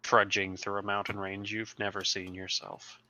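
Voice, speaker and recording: A man narrating as game master in a tabletop game, setting scenes slowly and descriptively. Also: on the low side, flat delivery, sharp tone, slight background noise.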